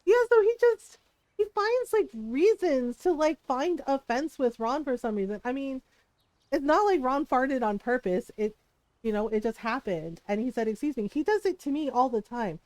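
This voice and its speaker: Woman streamer, middle-aged, high voice, dry close sound, chatty storyteller who laughs a lot. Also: lively intonation, moderate pace, darkish tone, dry recording. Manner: chatty storyteller, laughs often, acts out quotes. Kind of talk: casual chat while gaming.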